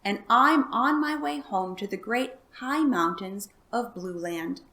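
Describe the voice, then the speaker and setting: A woman's voice: medium pitch, lively intonation, slow pace, fairly bright tone, echoey room. Woman doing a baby dragon, earnest. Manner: earnest explaining. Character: friendly young male baby dragon.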